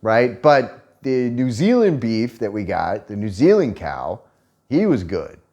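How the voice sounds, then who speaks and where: A man tells a story in a casual chat. He swears a lot, jokes and laughs often, and his pitch swings widely. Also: big pitch swings, a little slow, darkish tone, lo-fi sound. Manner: profane, joking, laughs often. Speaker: vlogger.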